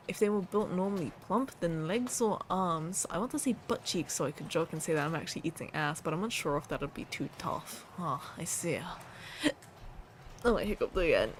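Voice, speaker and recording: A woman's voice: fairly low pitch, a little hiss or hum. A woman streaming casually, reading viewer submissions aloud and repeating words with a playful laugh.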